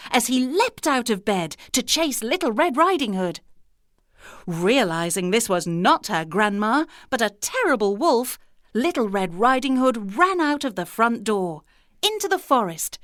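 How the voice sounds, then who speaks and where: A woman narrating a children's storybook in an expressive, sing-song way. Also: on the high side, a little slow, no echo, clean studio sound.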